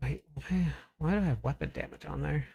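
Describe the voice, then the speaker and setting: Guy streaming a game, gravelly voice, chatty, thinks out loud, super dry close mic sound. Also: fairly high pitch, fairly quick, no room sound, dull audio. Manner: chatty, thinks aloud and talks to chat. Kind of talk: casual live-stream commentary.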